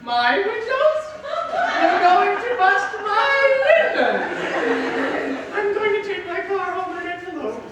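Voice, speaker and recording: A woman's voice: sits high, expressive, moderate pace, over a noisy crowd. A teenage girl acting on a school stage as a sarcastic, exasperated wealthy man. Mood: indignant. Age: teens. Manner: sarcastic, biting. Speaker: student actor. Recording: echoey hall, mics far off, faint hiss.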